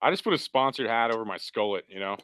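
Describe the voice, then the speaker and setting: Man, middle-aged, podcast host, rambling casual chat, bright tone. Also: on the low side, animated, fast talker. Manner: rambling, repeats himself.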